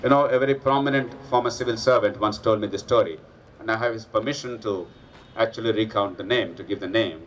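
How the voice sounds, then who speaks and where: A man's voice: lowish voice, fast, slight background noise. A man giving a public speech at a rally, telling an anecdote in an earnest, persuasive way. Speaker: rally speaker. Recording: distant mic with faint ambience.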